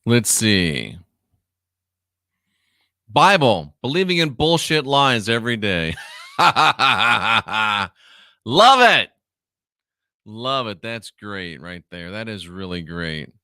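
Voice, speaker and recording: A man's voice: lowish voice, expressive, slow pace, bright, forceful tone, clear, resonant tone, no echo, clean studio sound. A man who used to be a minister hosting a livestream, drawling sarcastically while he reads viewer comments aloud. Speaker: online show host, former minister. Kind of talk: livestream commentary reading chat.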